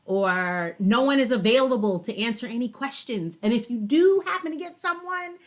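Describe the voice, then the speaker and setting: A woman's voice: a little high, expressive, normal speed. A woman co-hosting a podcast in casual banter, emphatic as she rants about pet peeves. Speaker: podcast co-host.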